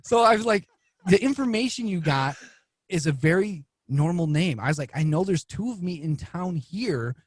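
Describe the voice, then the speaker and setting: Guy with a husky voice, kinda high, telling a crazy story on a podcast, gets animated doing the quotes. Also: normal speed, no room sound. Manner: animated, acts out quoted lines with rising pitch. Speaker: podcast guest, TV weatherman. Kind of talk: casual storytelling.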